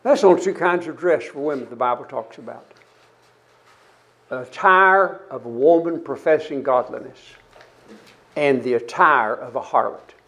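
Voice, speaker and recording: A man in his seventies preaching a sermon to his congregation, earnest and halting, often restarting his words. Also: a little high, a bit bright. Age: 70s.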